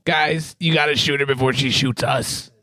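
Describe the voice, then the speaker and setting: A man's voice: medium pitch, steady tone, normal speed, pushed and bright, no room sound, studio quality. A man playing a tabletop game, joking and goofy.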